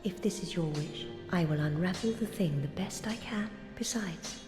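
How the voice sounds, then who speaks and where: An actress playing a mysterious woman sorcerer in a video game, who speaks in a measured, secretive way. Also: on the low side, natural voice. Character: mysterious woman sorcerer, dark-arts teacher. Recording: game audio, echoey with music.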